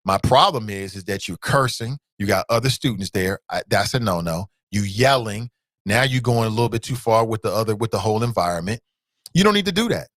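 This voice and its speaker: A man's voice: lowish voice, animated, fairly quick, fairly bright tone, no echo. A man hosting a call-in talk show, blunt and emphatic, repeating his points. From United States.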